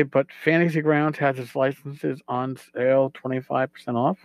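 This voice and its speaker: A man's voice: fairly high pitch, dry recording. A man hosting a solo podcast talks casually while he has a cold, taking his time, restarting often and adding asides. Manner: unhurried, with frequent restarts and asides. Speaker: podcast host.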